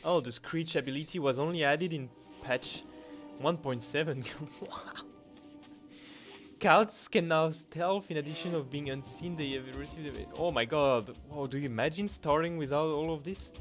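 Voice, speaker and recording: A man commenting on his gameplay, reading patch notes aloud in non-native English phrasing and breaking into excited exclamations. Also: a little high, normal speed. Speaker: channel host. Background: background music.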